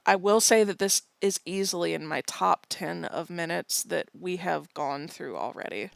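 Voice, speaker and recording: A woman co-hosting a podcast with a strongly gravelly, fry-laden voice. She chats casually, giggles and pokes fun at herself as she stumbles over words. The sound is dry and close. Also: lowish voice, moderate pace, no room sound. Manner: giggly, self-mocking, trips over words. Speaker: podcast co-host.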